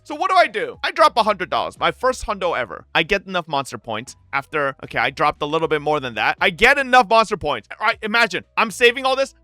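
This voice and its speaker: A man streaming live, ranting to his chat in an excitable, profane, animated way. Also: high-pitched, fast, no room sound. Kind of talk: livestream rant to chat.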